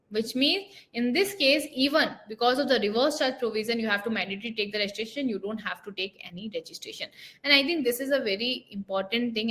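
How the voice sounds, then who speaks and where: A woman with an Indian English accent works through tax rules point by point in a somewhat high voice. She speaks as an expert explainer and keeps checking in with her listeners, tagging her points with a questioning "right?". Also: a bit bright. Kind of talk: explanatory talk.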